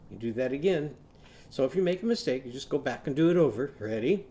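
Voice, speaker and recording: A man's voice: medium pitch, animated, moderate pace, dark tone. A man teaching a children's phonics lesson, patiently coaxing and sing-song, chanting animal sounds for kids to repeat. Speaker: literacy teacher.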